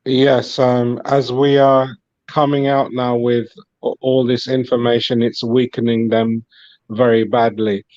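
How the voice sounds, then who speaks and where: A man speaking as a guest on a religious panel, steady and assured in his remarks. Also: mid-range voice, measured pace, no echo, lo-fi sound. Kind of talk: religious commentary.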